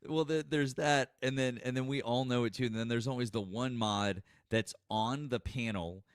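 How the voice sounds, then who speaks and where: A man from the Boston area, guest co-host on a casual livestream, joking and mocking with an expressive delivery. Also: medium pitch, normal speed, clean tone, no echo, studio quality.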